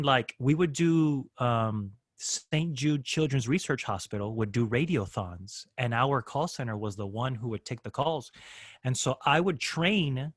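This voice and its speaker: Animated man telling stories with voices. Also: mid-range voice, dry recording, clean studio sound. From Miami area. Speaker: improviser and guest. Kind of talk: casual storytelling.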